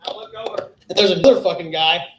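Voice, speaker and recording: A man with a raspy, hoarse voice doing a profane, rambling stand-up set about drug trips at an open mic. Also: sits high, fast talker. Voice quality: raspy from festival flu. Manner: profane, rambling stoner storytelling. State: hoarse, coughing. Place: small comedy club stage. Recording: echoey club room.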